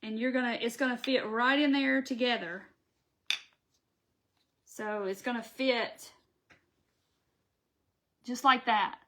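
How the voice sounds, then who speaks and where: Bright, chatty woman crafting live. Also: a little high, steady tone, slow, pauses often. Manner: chatty, folksy, talks to viewers as she works. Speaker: craft channel host.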